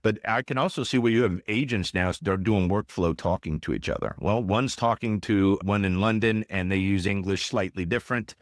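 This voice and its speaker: A man hosting a podcast interview, telling lively anecdotes in a casual way. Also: fairly low pitch, normal speed, hardly any pauses, dry recording, studio quality. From United States. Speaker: podcast host.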